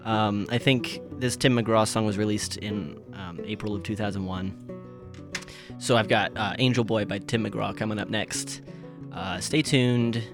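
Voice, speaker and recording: A man's voice: on the low side, steady tone, measured pace. A young man working as a radio DJ, chatting casually and laughing as he introduces the next song. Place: radio studio. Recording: music playing behind.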